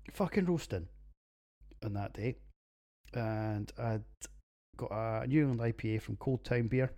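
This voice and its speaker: A man's voice: lowish voice, warm tone. A middle-aged Scottish man hosting a podcast, giving blunt, sweary, joking beer reviews in casual chat. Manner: sweary, jokey and blunt, rough pub banter. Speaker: podcast host reviewing beers. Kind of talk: casual solo podcast monologue.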